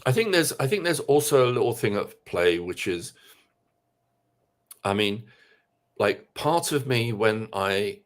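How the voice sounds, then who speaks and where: A man co-hosting a casual podcast chat, speaking hesitantly, with many halting restarts. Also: fairly low pitch, sing-song. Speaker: podcast co-host.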